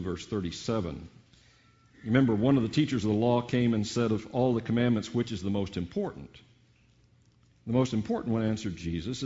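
Guy preaching a sermon, slow teacherly emphasis, lots of rhetorical questions, kinda muffled sound. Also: medium pitch, a little mellow.

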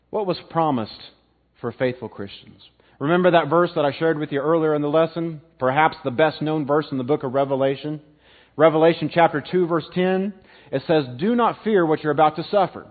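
A man teaching an evening Bible lesson to a live class, emphatic, swinging from loud stresses to quiet drops and repeating words. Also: medium pitch. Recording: tinny phone-like sound.

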